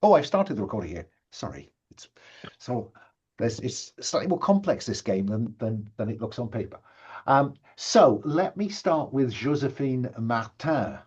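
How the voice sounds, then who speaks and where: A man's voice: mid-range voice, big pitch swings, moderate pace, a little mellow, slightly rough. A man running a tabletop session zero over a video call, chatty and full of fillers and restarts. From Wales. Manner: chatty, self-interrupting, lots of fillers. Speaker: game master. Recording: slightly lo-fi online call audio.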